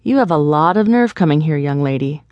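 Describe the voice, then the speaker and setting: A woman voicing a menacing, angry middle-aged male politician who speaks slowly and low. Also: expressive, smooth, no echo, lo-fi sound, close to an everyday voice. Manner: slow, low and threatening.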